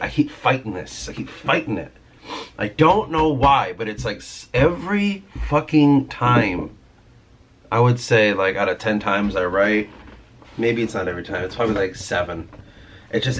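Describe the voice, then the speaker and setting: A man's voice: on the low side, moderate pace, slight background noise. A man venting in a casual vlog about his writing and his job, rambling and swearing as he talks. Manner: frustrated, rambling, swears freely. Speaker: vlogger and writer.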